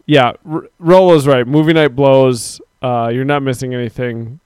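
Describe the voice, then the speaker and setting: A man's voice: medium pitch, steady tone, normal speed, darkish tone, clear, resonant tone, no room sound. A man hosting a live stream, chatting casually and rambling as he reads out viewers' comments. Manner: rambling, talks to chat viewers, mock-quotes people. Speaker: podcast host.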